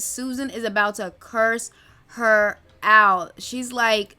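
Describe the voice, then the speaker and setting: Female let's play host, chatty and gossipy, bright tone. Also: on the high side, fairly even intonation, takes it slowly, clear, resonant tone. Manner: chatty, gossipy, narrating drama. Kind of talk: casual gameplay commentary.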